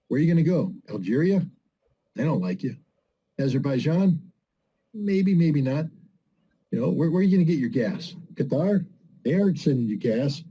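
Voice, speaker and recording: A man's voice: fairly high pitch, animated, unhurried, long pauses, warm tone, slightly rough, highs cut off. A man giving emphatic, scornful political commentary, firing off rhetorical questions as a guest in a conversation. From United States.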